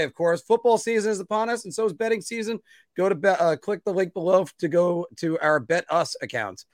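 A man's voice: a little high, dry recording, studio quality. A man hosting a hockey podcast, chatting casually and plugging merchandise between questions to his co-host. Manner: upbeat, plugs merch and sponsors. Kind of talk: casual sports chat.

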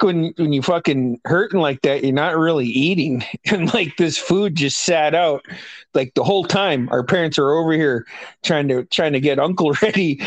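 A man's voice: a little high, no echo. A man casually telling stories, swearing a lot and laughing through them. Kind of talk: casual storytelling chat.

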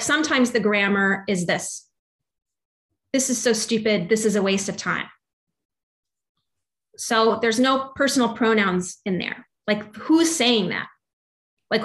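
A young adult woman, a musician guest, talking through faith and doubt in a loose, rambling way full of fillers. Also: medium pitch. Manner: rambling, filler-heavy, animated. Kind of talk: casual faith conversation.

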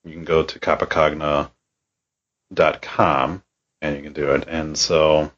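Casting: low husky-voiced male podcast co-host, blunt and profane, slightly dull lo-fi sound. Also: little pitch movement, a little slow, a bit bright. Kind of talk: casual podcast chat.

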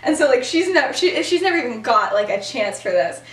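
A woman's voice: sits high, very animated, brisk. Giggly young woman retelling a story. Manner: chatty and giggly, acting out the characters' quoted lines. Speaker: podcast host. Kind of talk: casual storytelling recap. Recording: roomy, distant mic with faint noise.

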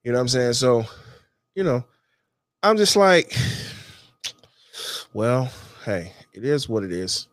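A man's voice: mid-range voice, sing-song, slow, long pauses, dry recording. A man, talking casually to camera in slangy street talk and repeating "you know what I'm saying" again and again. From Detroit, USA. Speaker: vlogger.

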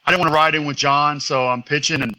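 Male interview guest, former pitcher, bright voice, lively storyteller. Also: fast. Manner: chatty storytelling, acts out quotes.

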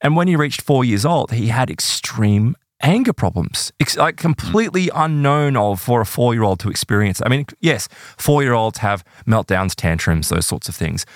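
A man in relaxed conversation, recounting a case with lively, swooping intonation. He jumps into the voices of the people he quotes. The sound is dry and close. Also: moderate pace, hardly any pauses, no room sound. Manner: animated, acts out quoted voices with big pitch jumps. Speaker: podcast guest telling case stories. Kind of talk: casual storytelling conversation.

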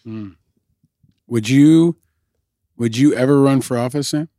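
Brief: calm male interviewer, mid-pitched, thinks aloud, dry close sound. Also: dry recording. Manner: measured, reasoning, with hesitant restarts. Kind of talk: interview conversation.

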